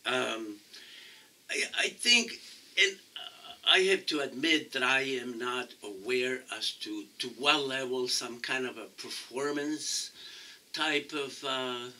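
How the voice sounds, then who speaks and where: A man with a non-native English accent answering interview questions as a political candidate, halting and restarting often. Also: medium pitch, sharp tone, recorded from a distance, low-quality recording. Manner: halting, many restarts and fillers. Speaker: council candidate.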